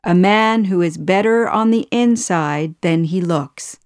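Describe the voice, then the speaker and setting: A woman's voice: fairly low pitch, a little slow, darkish tone. A woman reading a solemn talking cave.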